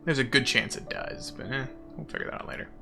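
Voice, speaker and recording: Gravelly, bright-voiced joking male streamer. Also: mid-range voice, quick pace, faint music behind. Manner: joking, sarcastic, chatting with chat. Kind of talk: casual chat while gaming.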